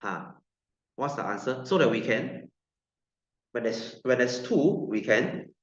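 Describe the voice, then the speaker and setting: A man's voice: medium pitch, expressive, takes it slowly, echoey room, lo-fi sound. A man with a Malaysian English accent teaching a science class, chatty and joking, laughing often and slipping into Malay.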